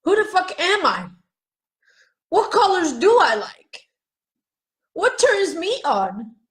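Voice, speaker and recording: A woman's voice: very high-pitched, sing-song, slow, rough recording. A woman giving a raw, profane self-help monologue on a live video, questioning herself aloud.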